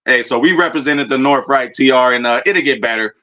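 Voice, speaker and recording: A man's voice: mid-range voice, a little fast, highs cut off. A man on his own show, ranting about his team in loose, profane banter that jumps from gloating to griping. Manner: animated, profane, rambling fan banter. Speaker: sports fan commentator. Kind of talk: casual fan rant.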